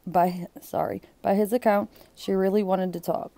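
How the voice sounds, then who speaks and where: With a mid-range, mellow voice and a level tone at normal speed, a woman reads a book aloud, pausing between passages for blunt, exclaiming asides. No room sound is present.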